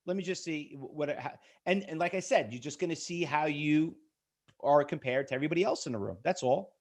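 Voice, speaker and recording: A middle-aged man teaches day trading on a live webinar, his fairly high voice animated and a little fast. He delivers a hard sales pitch, firing rhetorical questions and calling on viewers by name.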